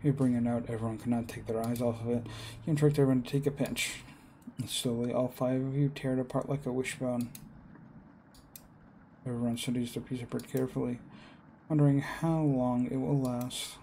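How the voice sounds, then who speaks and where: A man reading a game's story text aloud in a plain, even way, with small slips. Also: medium pitch, normal speed, slight background noise. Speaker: gamer.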